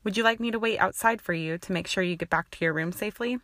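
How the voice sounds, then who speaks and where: A woman voicing a tired, kindly older male wizard professor with a weary, croaking manner. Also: medium pitch, fast talker, a bit bright, no room sound, clean studio sound, natural voice.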